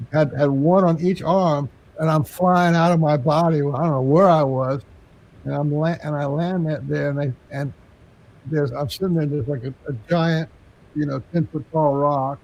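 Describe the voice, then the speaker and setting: A man speaks at a middle pitch in a gravelly voice. His tone is dark and mellow. As an interview guest, he tells a long, winding story in an earnest way. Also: a little hiss or hum, rough recording. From Texas.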